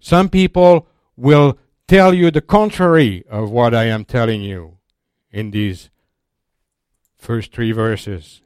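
A man teaching a sermon in a slow, deliberate, emphatic way, restarting his phrases often. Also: mid-range voice, a little mellow, clear, resonant tone, no echo, studio quality. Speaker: Bible teacher.

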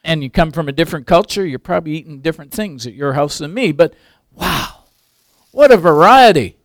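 Older male preacher, emphatic then hushed. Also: on the high side, quick pace, no room sound, clean studio sound. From English background. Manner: swings from loud emphatic peaks to quiet asides. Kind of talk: sermon.

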